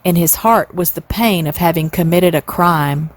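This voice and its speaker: A woman in her sixties reading a classic children's novel aloud, expressive and playing up the sound words. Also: fairly low pitch, normal speed. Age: 60s. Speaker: storyteller.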